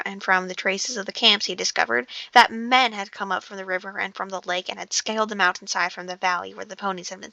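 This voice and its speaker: A woman's voice: mid-range voice, gravelly, bright, forceful tone, dry recording, low-quality recording. A woman casually reading a novel aloud, often stumbling over words, restarting sentences and breaking off for joking asides. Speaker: audiobook reader.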